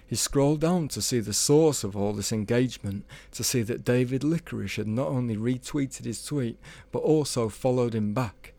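A man telling a comic story in a measured, deadpan way. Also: medium pitch, vocal fry, no room sound. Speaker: storyteller guest.

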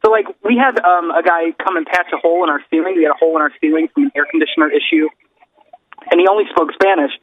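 A man with a high voice co-hosts a casual podcast, riffing on everyday observations. His sound is dull and lo-fi, with the top end muffled. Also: fast, background noise. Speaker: podcast co-host. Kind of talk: casual comedic chat.

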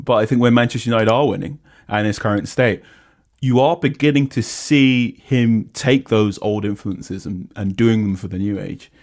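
A man's voice: lowish voice, a little mellow. A young man hosting a football podcast, chatting casually and reading promotions in an upbeat way. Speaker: podcast host.

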